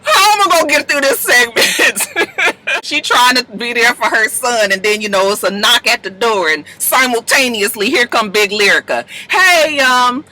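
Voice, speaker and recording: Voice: mid-range voice, expressive, moderate pace, sharp tone, slight background noise, poor audio. A reviewer giving a comedic, profane recap of a reality show, laughing often.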